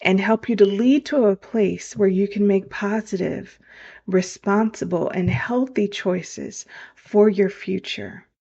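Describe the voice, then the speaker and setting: A woman's voice: medium pitch, slow, creaky, dark tone. A woman hosting a motivational podcast as a life coach, talking earnestly and straight to her listeners. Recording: dull lo-fi sound.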